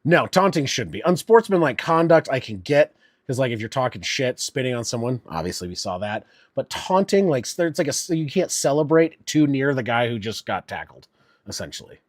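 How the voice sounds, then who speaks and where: A man's voice: medium pitch, sing-song, moderate pace, no room sound, clean studio sound. A man giving casual live play-by-play of a football game from home, cursing freely and getting heated over bad calls. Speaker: streamer doing live play-by-play. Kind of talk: live sports play-by-play and reactions.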